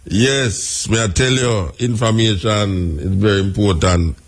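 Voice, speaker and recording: A man hosting a call-in radio show, speaking slowly and emphatically. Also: lowish voice, noisy background. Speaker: radio host.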